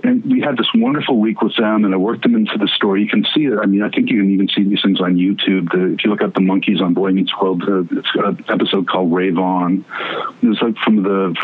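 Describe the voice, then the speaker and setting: Animated storytelling man on a tinny line. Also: on the low side, breathy edge. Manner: animated, acts out quoted voices, many restarts. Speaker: TV producer and guest. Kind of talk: storytelling in conversation.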